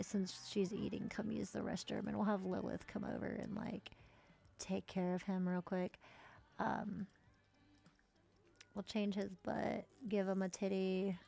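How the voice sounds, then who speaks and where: A woman's voice: medium pitch, flat delivery, measured pace, creaky, long pauses, darkish tone. A woman streaming a life-simulation game, chatting casually and swearing now and then as she plays. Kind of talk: casual gameplay commentary.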